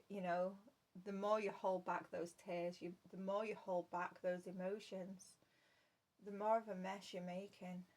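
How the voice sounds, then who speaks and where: A woman's voice: mid-range voice, a little mellow. A woman giving a spoken tarot reading to her viewers, earnest and repeating her phrases. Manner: earnest, repeats phrases, addresses listener as love. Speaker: tarot reader.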